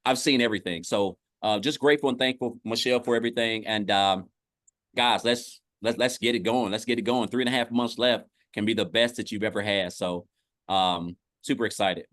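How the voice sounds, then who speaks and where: On a livestream video call about online business, a guest from Tennessee speaks in a fairly low, brisk, slightly bright voice. His casual, upbeat testimonial is full of "guys" and restarted phrases. There's no room sound, and the audio is studio quality.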